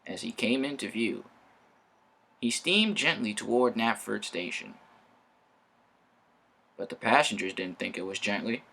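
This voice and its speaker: A man reads a children's story aloud in a gravelly, husky voice. His delivery is animated and bright, with wide swings in pitch. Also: a little slow, long pauses. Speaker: storybook narrator.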